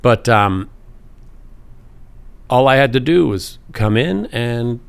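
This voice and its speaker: A man's voice: medium pitch, animated, slow, creaky, clear, resonant tone. A middle-aged man, a podcast guest, telling self-deprecating stories and acting out the voices of people in them. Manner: self-deprecating storyteller, acts out other voices. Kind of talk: telling anecdotes.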